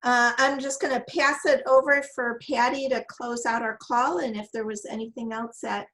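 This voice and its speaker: A woman hosts a team video call and moderates the talk. Her voice is fairly high. She sounds upbeat as she thanks people and hands things over. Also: steady tone, moderate pace, a bit bright, low-quality recording. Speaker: meeting host.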